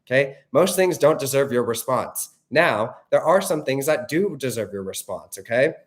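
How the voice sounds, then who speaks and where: A man's voice: medium pitch, lively intonation, moderate pace. Blunt, emphatic man coaching on camera. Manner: emphatic, blunt and profane, repeating points with "okay?". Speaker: relationship and mindset coach. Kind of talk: direct-to-camera motivational talk.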